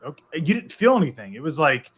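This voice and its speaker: A man in his thirties hosting a casual podcast chat, animated, laughing often and filling his talk with "like" and "dude". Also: fairly high pitch, quick pace, slightly rough. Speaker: podcast host.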